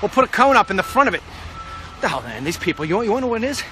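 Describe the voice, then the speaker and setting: A man's voice: high voice, sing-song, very fast, over music. A man walking outdoors while giving a blunt, rambling political monologue straight to the camera, with street traffic passing. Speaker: political commentator. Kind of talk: walk-and-talk vlog monologue.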